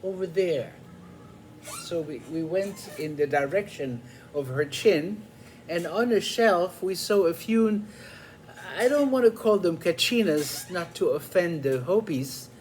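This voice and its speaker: An older man telling a personal story in an unhurried, reflective way, pausing often with small fillers. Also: high voice, darkish tone, slight background noise.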